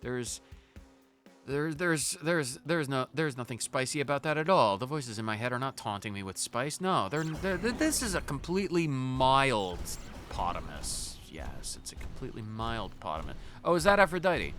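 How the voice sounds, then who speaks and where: A male streamer talks over his gameplay in an animated, joking manner, often tripping over his words. His voice is bright and forward, with lively swings in pitch. Faint game music plays behind him. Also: normal speed. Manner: animated, joking, stammering restarts. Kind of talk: casual gaming commentary.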